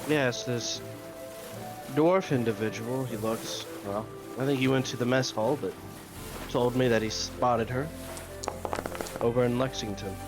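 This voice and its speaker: A man's voice: medium pitch, measured pace, pauses often, over music. A man playing a character in a tabletop game, speaking in a hesitant, searching way. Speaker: player. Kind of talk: in-character tabletop role-play.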